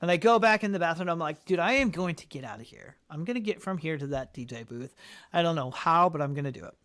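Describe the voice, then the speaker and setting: A man with a fairly high voice tells a story as a podcast guest. He talks casually and acts out the quotes with sudden jumps in pitch. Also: lively intonation, fast, fairly bright tone. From Colorado, United States.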